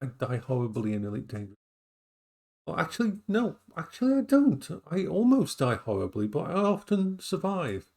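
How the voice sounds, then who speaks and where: A man chatting casually on a live stream from his home, often breaking into high baby talk for his dogs. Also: big pitch swings, moderate pace, a little mellow.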